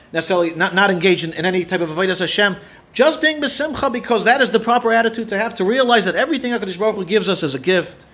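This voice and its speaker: A man's voice: high-pitched, a bit bright. A man giving an earnest Torah talk, telling a story and mixing in Hebrew and Yiddish terms. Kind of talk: sermon with a story.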